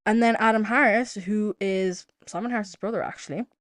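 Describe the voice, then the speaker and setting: A woman's voice: mid-range voice, fairly quick, dry recording, clean studio sound. A young woman hosting a casual solo podcast, chatty and exasperated, talking straight to her listeners. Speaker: podcast host.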